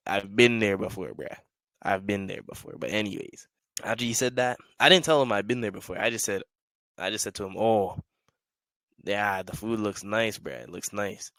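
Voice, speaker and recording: A man's voice: lowish voice, normal speed, long pauses, dry recording. A young man hosting a casual solo talk, rambling through street stories in slangy speech and acting out the voices of people he met. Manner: slangy, rambling, animated storyteller; acts out quoted voices in the stories. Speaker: podcast host.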